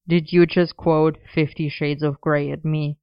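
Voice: medium pitch, little pitch movement, measured pace, clean tone, no room sound, dull audio, lightly acted. A narrator voicing an exasperated but fond young man in a story reading, dry and amused. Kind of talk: audiobook reading of a romance story.

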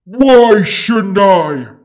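Ancient possessive dragon for an audio story, slow booming delivery, played by a woman. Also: a little mellow. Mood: scornful. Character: huge scornful possessive dragon, ancient and proud.

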